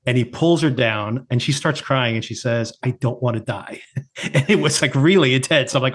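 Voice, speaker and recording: A man of ordinary pitch co-hosts a casual podcast. He retells scenes from a TV episode with frequent laughter, in a loose, chatty way. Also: moderate pace, fairly bright tone. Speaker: podcast co-host. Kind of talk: casual chat reviewing a TV episode.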